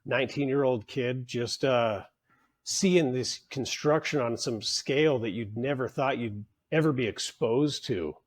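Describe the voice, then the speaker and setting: A man guesting on a podcast, telling work stories in a casual, animated way, acting out the people he quotes and swearing freely. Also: mid-range voice, unhurried. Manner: animated storyteller who acts out quoted bosses, swears freely. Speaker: podcast guest, union leader. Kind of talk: casual interview storytelling.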